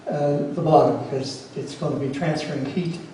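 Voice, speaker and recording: A man's voice: a little high, steady tone, moderate pace, warm tone. Plainspoken man teaching in an echoey hall. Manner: plainspoken, practical, answers questions on the fly. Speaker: club presenter teaching routing. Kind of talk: informal workshop demonstration with audience questions. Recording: very echoey room, voice from far off, faint noise.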